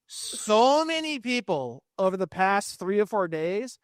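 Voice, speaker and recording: Man ranting fast and profane, raised pitch, dry close recording. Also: very animated, clear, resonant tone, no echo. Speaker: guest. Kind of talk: casual interview talk.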